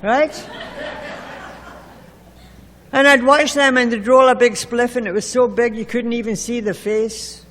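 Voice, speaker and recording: A woman's voice: on the high side, steady tone, a little slow, long pauses, a bit bright. A woman telling her recovery story to a group, candid and wry, with self-mocking humor. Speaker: recovering alcoholic sharing at a meeting. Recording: echoey meeting hall recording.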